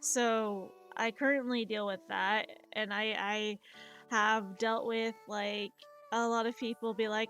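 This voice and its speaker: A young woman with a fairly high voice chats casually on a live art stream, wandering from story to story and leaning on "like" and "um". She talks into a desk mic in a home setup, with soft music playing faintly behind her. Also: level tone, a little slow. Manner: rambling storytelling, lots of "like" and "um". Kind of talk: casual chat while drawing on a live stream.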